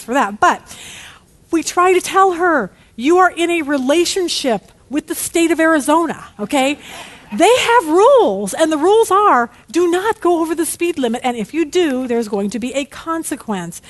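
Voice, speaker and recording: Middle-aged woman, slightly high voice, candid casual Bible study teacher, animated, keeps asking okay.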